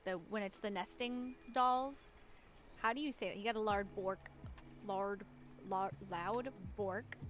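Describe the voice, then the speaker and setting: A woman's voice: medium pitch, fairly bright tone. A woman streamer chatting casually and rambling while she plays, often giggling. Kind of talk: casual chat while gaming.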